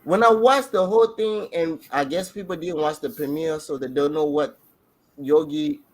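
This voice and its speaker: A man on a podcast excitedly rambling through a show recap, restarting sentences as he goes. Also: fairly high pitch, normal speed, gravelly, poor audio. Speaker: podcast co-host. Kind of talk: casual reaction chat.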